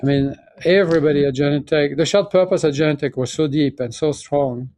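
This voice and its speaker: A man in his sixties from France with a French accent, speaking as an interview guest and telling his story in a reflective, halting way with many restarts. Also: fairly high pitch, darkish tone, dry recording. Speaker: guest, pharmaceutical chief executive. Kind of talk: conversational interview.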